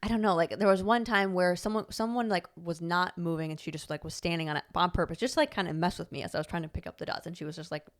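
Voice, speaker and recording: Speaking quickly and with hardly any pauses, a podcast co-host with a lowish, steady voice chats in a loose, rambling way. Her stories come laced with frequent laughter and plenty of "like" fillers, all in casual conversation.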